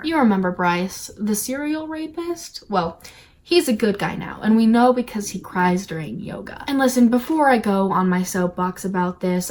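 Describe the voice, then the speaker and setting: A woman giving an opinionated review commentary in a sarcastic, rapid, exasperated way. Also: mid-range voice, darkish tone. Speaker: video reviewer.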